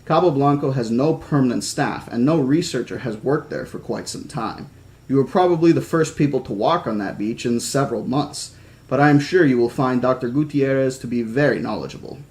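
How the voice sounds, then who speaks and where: A composed male doctor from a read-aloud novel speaks in a formal, careful way, as a man voices him. His tone stays measured and steady. The pitch sits in an ordinary middle range. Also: close to an everyday voice. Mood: explaining.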